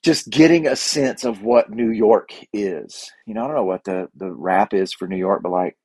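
Low-voiced man telling a rambling story. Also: moderate pace, mellow, breathy edge, dry recording. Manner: rambling and enthusiastic, with many restarts. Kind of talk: casual storytelling.

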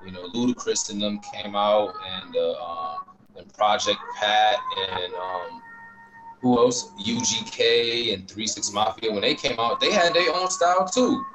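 A man's voice: lowish voice, measured pace, over music, low-quality recording. Rambling man in casual chat. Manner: rambling, many fillers and restarts. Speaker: guest.

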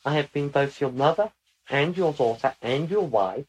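A man in casual conversation who tells dry jokes and explains things slowly and deliberately. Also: on the high side, lively intonation, noisy background.

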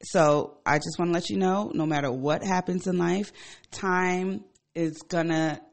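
A woman in her forties, a radio show host, telling a personal story in a casual, animated and profane way. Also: unhurried, creaky. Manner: animated and profane, with emphatic swings in pitch and loudness.

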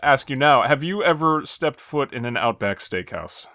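A man enthusiastically recapping a cartoon episode in casual talk. His pitch rises and falls freely, and the sound is dry and close. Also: animated, normal speed, pushed and bright, no echo. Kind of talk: casual chat.

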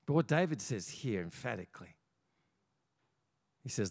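An Australian man preaching a sermon as pastor in a church, animated and often repeating small words as he builds his points. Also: mid-range voice, normal speed, gravelly. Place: church auditorium.

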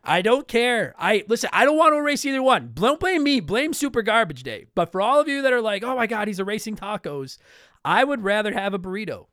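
A young man from Canada chats through listener questions in a high, lively voice that jumps all over the place. He rambles, restarts his sentences and apologizes often. The sound is close and dry, with no room around it. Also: fairly quick, hardly any pauses, dry recording. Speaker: podcast host answering listener mail. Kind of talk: casual chat.

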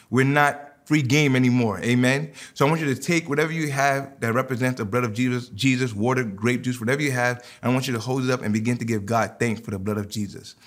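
A man preaching a sermon, leading communion and then telling a personal story with lively quoted dialogue. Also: medium pitch. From New York. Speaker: pastor.

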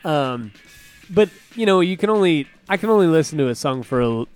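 A man's voice: fairly high pitch, expressive, brisk, clear, resonant tone, soft background music. Laid-back young man reviewing an album. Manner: laid-back, says dude and like a lot, laughs easily. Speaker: podcast host. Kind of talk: casual album review chat.

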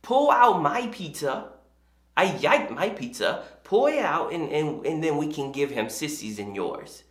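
A man voicing his stubborn, pouting young daughter in a high, whiny voice. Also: sing-song, measured pace. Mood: panicked. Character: pouting stubborn little girl. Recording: echoey room.

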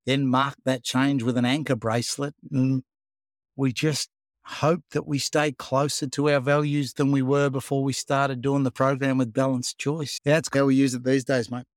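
An Australian man who founded a program tells a story in a casual interview, animatedly acting out the dialogue and saying "mate." His mid-range voice moves at normal speed, recorded dry with clean studio sound.

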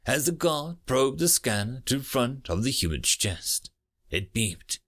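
Lively male audiobook narrator. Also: a little slow. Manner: expressive reading with lively pitch. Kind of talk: story narration.

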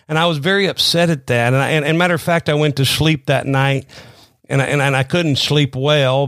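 A man's voice: mid-range voice, no echo, clean studio sound. A middle-aged man preaching a sermon, earnest, often repeating words and restarting his sentences. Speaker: pastor. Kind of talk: sermon-style teaching.

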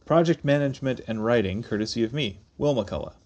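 A man's voice: mid-range voice, animated, fairly quick, darkish tone, dull audio. A man co-hosting a podcast in casual chat, teasing and playful. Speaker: podcast co-host.

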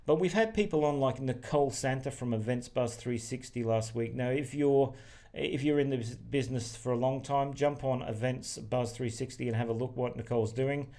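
A man's voice: mid-range voice, normal speed, dark tone. An Australian man hosting a business podcast, talking in a rambling casual way with plenty of fillers and restarts. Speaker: podcast host. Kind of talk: casual chat.

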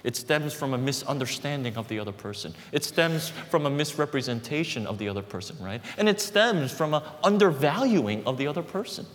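A man's voice: a little high, expressive. Emphatic male pastor in a hall. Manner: emphatic, repeats phrases, slows for key words. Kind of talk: sermon. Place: church hall. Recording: reverberant hall with faint background noise.

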